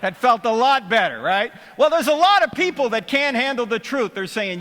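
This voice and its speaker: A man's voice: very high voice, sing-song, normal speed, few pauses, fairly bright tone, in a large hall. A middle-aged man giving a humorous seminary lecture, joking and quizzing his audience. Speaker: apologetics speaker. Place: lecture hall.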